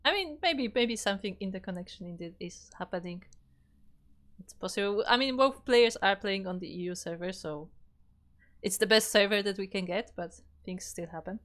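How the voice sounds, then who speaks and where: A woman co-casts a live strategy game match and gives calm, analytical reads of the play. Her voice sits at an ordinary middle pitch. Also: moderate pace. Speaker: esports caster. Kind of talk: casual live game commentary.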